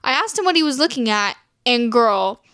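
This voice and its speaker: High-voiced woman reacting to stories. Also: normal speed, clear, resonant tone, dry recording, clean studio sound. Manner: animated, swears freely, laughs often. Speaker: storytime vlogger. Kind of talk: reading and reacting to viewer stories.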